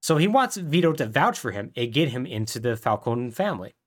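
A man chatting casually on a podcast, walking through a story beat by beat. His pitch swoops up and down a lot as he talks. He keeps dropping into quick voices for the characters. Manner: animated retelling, acts out characters' lines in quick voices. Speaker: podcast co-host. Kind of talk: casual plot recap.

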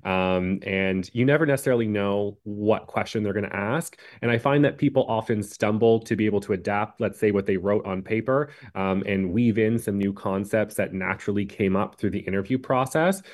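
A man answering interview questions about job hunting in a measured way, with frequent ums and uhs. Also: lowish voice. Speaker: career advice guest.

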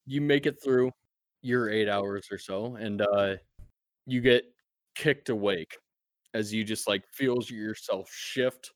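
A man's voice: fairly low pitch, slow, smooth, no room sound, clean studio sound. A man narrating as game master of a tabletop game, laid-back and profane, with many fillers.

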